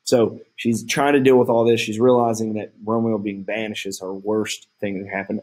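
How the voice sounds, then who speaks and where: A man casually explaining a play between readings, at home, with relaxed fillers. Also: on the low side, moderate pace, few pauses, rough recording. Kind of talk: reading aloud with commentary.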